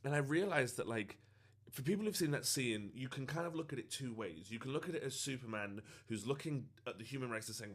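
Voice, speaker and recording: A man's voice: mid-range voice, animated, fast talker, a bit bright. A man, a social media creator, telling a personal story in an earnest, reflective way. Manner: earnest and reflective, with frequent fillers. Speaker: TikTok creator.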